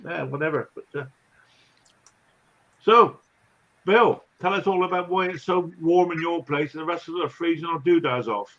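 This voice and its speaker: A man hosting a casual livestream chat, chatty and quick to laugh as he greets viewers. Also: fairly high pitch. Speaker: livestream host. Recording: lo-fi dull audio.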